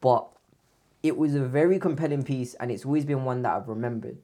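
A man's voice: medium pitch, fairly quick, dark tone. A man hosting an interview podcast, rambling and correcting himself as he goes. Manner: rambling, restarts, self-correcting. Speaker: podcast host. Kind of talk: casual interview.

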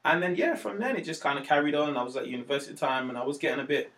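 A man, a comedian telling stories in a casual chat, animated and slangy, acting out quotes in a raised voice. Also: on the high side, rapid-fire. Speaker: comedian guest.

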